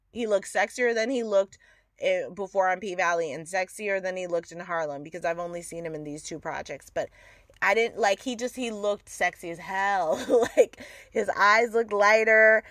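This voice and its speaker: A Southern-born woman talks straight into a close podcast mic, casual and unfiltered, with frequent swearing and laughter. Her voice sits at an ordinary middle pitch. The sound is dry, with almost no room around it. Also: fairly bright tone, no echo. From Southern United States. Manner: candid, profane and opinionated, laughs often. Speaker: podcast host reviewing a TV series. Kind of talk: casual solo podcast commentary.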